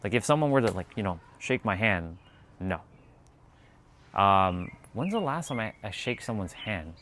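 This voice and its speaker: Rambling man with a low voice. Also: very animated, moderate pace, a bit bright, slight background noise. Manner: rambling, filler-heavy, laughs easily. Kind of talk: casual chat, reading viewer comments.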